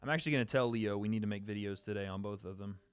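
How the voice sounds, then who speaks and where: A man with a fairly low, clear, resonant voice races along, recorded with no room sound. He hosts a casual livestream, reacting to fight chat in a loose, chatty way, speaking directly to viewers, joking and repeating himself.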